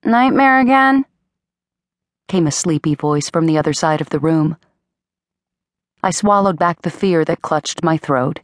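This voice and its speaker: A woman with a low, steady voice narrates an audiobook from a script, telling the story in the first person with measured drama. She's recorded close on a studio mic with no echo.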